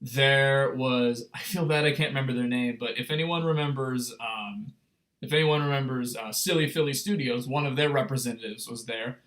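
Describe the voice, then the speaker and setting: A young man telling a story on a casual livestream, rambling and excitable, full of fillers and restarts. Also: medium pitch, normal speed. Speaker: streamer.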